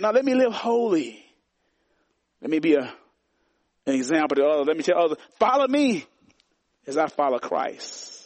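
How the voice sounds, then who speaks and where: A man's voice: on the high side, no echo. A man preaching a sermon as pastor, emphatic and repetitive, calling on the congregation to answer back.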